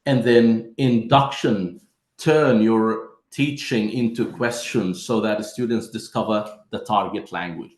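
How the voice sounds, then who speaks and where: A man with a fairly low voice leads a lesson for teachers. He explains each step patiently and calls his listeners "my friends". The room around him rings with echo. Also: unhurried. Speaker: teacher trainer.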